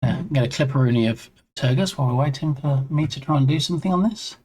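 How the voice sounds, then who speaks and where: Wearing headphones, a game-dev streamer with a middle-pitched, slightly breathy voice talks quickly through a stubborn device connection, thinking aloud half to themself and half to chat. They read menu text in a flat murmur, then brighten to welcome a newly arrived viewer.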